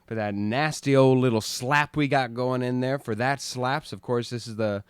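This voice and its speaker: A man's voice: mid-range voice, steady tone, normal speed, smooth, dry recording, studio quality. A man co-hosting a casual podcast, joking and teasing his co-host as they chat.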